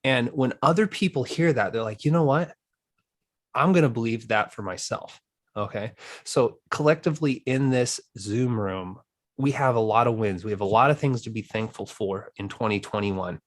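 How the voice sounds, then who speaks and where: A man's voice: medium pitch, moderate pace, no room sound, clean studio sound. A man hosting a group video call, talking in an upbeat, rambling way with many fillers. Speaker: host of a group coaching call.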